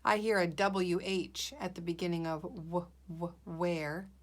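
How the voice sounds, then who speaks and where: A woman's voice: lowish voice, flat delivery, a little slow. A woman teacher leading a guided reading lesson for young children, patient and encouraging, sounding out letters and words.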